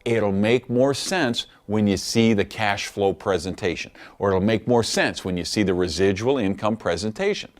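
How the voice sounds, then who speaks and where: Animated man coaching sales calls. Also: on the low side, normal speed, hardly any pauses. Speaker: network marketing trainer. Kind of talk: recorded training lesson.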